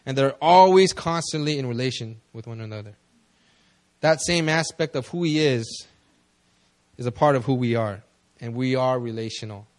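A young man preaching at a prayer meeting, telling stories in a loose, conversational way, often laughing and jumping up in excitement. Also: medium pitch, normal speed. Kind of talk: casual sermon with storytelling.

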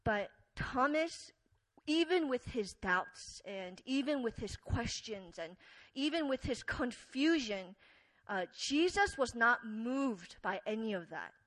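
Woman preacher, conversational sermon, earnest storyteller, unhurried, bright tone. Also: fairly high pitch, very animated, rough recording. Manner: earnest, storytelling, filler-heavy with wide swings in loudness.

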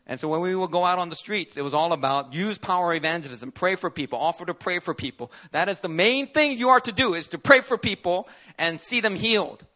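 This male pastor preaches with animated energy, telling stories and voicing the people in them. He speaks high-pitched and slightly fast, barely pausing.

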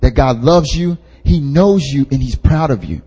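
A man's voice: mid-range voice, normal speed, mellow, breathy edge. A young man, an intern pastor, preaching at a prayer meeting in a casual, joking way, repeating his key points for emphasis. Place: church hall. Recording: long hall reverb.

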